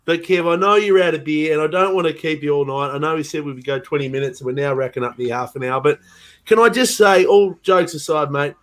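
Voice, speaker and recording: A man's voice: on the high side, quick pace. Effusive Australian man hosting a stream. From Tasmania, Australia. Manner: effusive and excitable, swears freely, says "mate" often. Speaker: band member and host. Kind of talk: casual live stream chat.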